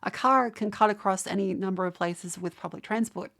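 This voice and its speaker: A woman's voice: medium pitch, a little fast, a bit bright. Exasperated Australian woman ranting to chat. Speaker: streamer. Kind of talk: casual live-stream chat.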